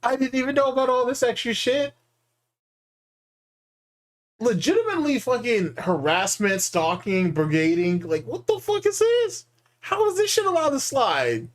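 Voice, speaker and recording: A man's voice: very high-pitched, sing-song, normal speed. A man hosting a reaction stream, sarcastic and incredulous as he picks apart a clip. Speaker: commentary host. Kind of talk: mocking reaction commentary.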